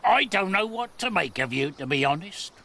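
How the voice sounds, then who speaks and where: A man's voice: sits high, very animated, normal speed, sharp tone, full character voice. An actor playing a lazy, cheeky male builder in a game, mocking and bickering. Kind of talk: game voice acting.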